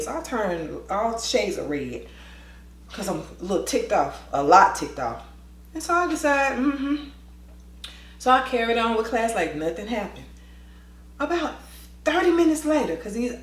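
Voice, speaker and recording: A woman vlogger who used to be a teacher tells a dramatic story in a lively way, acting out the voices of its characters. Her voice is mid-range and the recording is reverberant.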